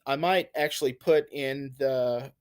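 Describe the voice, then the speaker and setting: A man teaching a recorded lesson on poetry in a conversational way, with fillers and self-corrections, who reads verses slowly to stress their vowel sounds. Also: mid-range voice, steady tone, clean tone.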